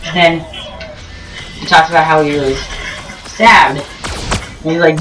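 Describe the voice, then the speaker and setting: A woman rambles through joking commentary over gameplay, drifting off topic and leaping up and down in pitch. Her voice echoes around a roomy space, picked up from a distant mic. Faint game music plays underneath. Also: moderate pace, pauses often, a bit bright. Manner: joking, digressive, many ums and restarts, sudden jumps in pitch.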